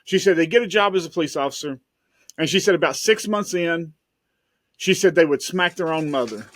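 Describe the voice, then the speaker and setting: Man, private eye, rambling storyteller, fairly high voice, dry close sound. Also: lively intonation, a little fast, a bit bright, no echo. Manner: rambling, repeats words while telling stories. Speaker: private investigator. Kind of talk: casual podcast storytelling.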